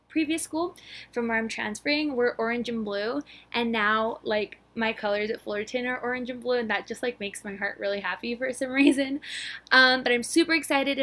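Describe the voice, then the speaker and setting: A woman in her twenties hosting a casual solo podcast, bubbly and rushed, with lots of filler words and a slightly breathless delivery. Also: fairly high pitch, a bit bright. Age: 20s. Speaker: podcast host.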